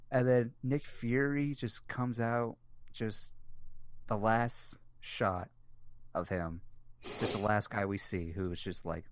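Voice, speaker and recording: A man hosting a casual podcast chat, rambling excitedly with lots of fillers and swearing. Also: on the low side, no echo. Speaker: podcast host.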